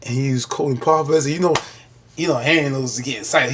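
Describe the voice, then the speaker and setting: Man, husky, reviewer; casual animated recap, acts out the lines. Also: medium pitch, quick pace. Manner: animated storytelling with churchy exclamations and acted-out lines. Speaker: TV episode reviewer.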